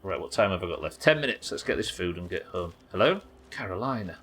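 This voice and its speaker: A man's voice: deep voice, animated, fast talker, fairly bright tone, slight background noise. A man hosting a live gaming stream, chatting to viewers and swearing as he plays. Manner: sweary, chatty, talks to chat while playing. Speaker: livestream host.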